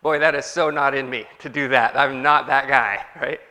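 A man preaching to his congregation in a relaxed, conversational way, often asking them questions. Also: medium pitch, normal speed, in a large hall. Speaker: pastor. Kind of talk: sermon. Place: church hall.

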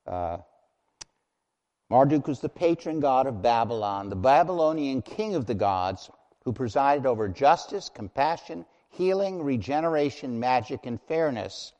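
A man delivers a sermon from the pulpit, his voice in an ordinary middle register. He preaches emphatically, slowing down to stress key words and then rising to loud declarations. A long reverb trails every phrase, as in a large church hall. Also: medium pitch, animated, dull audio. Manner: emphatic, builds to loud declarations, slow spelling. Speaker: pastor.

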